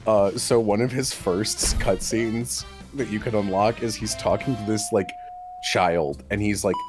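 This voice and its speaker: A man chatting casually on a livestream, his stories animated and broken up by quick bursts of laughter. Faint music plays underneath his voice. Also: fairly low pitch. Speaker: livestream co-host. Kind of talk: casual stream chat.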